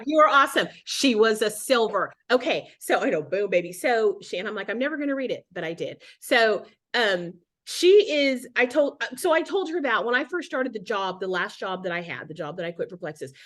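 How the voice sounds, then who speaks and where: A woman's voice: mid-range voice, lively intonation, brisk, few pauses. A middle-aged woman giving a casual motivational talk on a video call as a guest speaker, chatty and rambling with many restarts.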